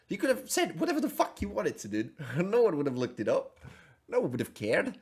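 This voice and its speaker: A young man streams his reaction to a clip, cursing freely and sounding incredulous. His voice is husky and sits a little high. His pitch swings widely as he talks. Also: brisk. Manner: profane, incredulous, animated. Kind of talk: casual reaction commentary.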